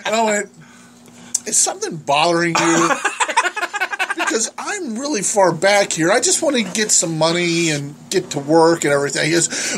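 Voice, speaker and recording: High, lively, profane man telling stories. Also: moderate pace, slight background noise. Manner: animated, profane storytelling with frequent laughs. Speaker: podcast co-host. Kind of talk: casual podcast chat.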